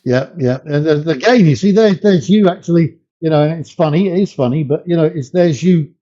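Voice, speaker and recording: A man's voice: a little fast, warm tone. An older man talking as a podcast guest, emphatic, his voice climbing when he makes a point. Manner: emphatic, rising in pitch when making a point. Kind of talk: conversational interview. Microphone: video call. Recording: muffled lo-fi remote call audio.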